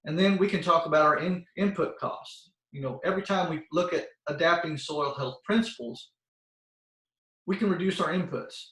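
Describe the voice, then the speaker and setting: A man's voice: on the high side, moderate pace, fairly bright tone. A man giving an informal, plain-spoken educational talk to schoolchildren, full of fillers and restarts, over a video call. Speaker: soil health expert presenting to schoolchildren. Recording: roomy sound, voice far from the mic.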